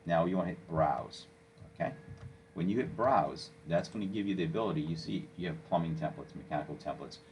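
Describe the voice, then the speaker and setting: A man walking a listener through software step by step, coaching and checking in with "okay?" as he goes. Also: low voice, brisk, a little hiss or hum, rough recording. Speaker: software instructor. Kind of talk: screen-recorded software tutorial.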